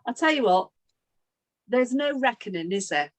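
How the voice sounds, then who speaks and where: A woman's voice: fairly high pitch, animated, moderate pace. A middle-aged woman leading a team coaching session, telling a sales story and acting out both sides of the call.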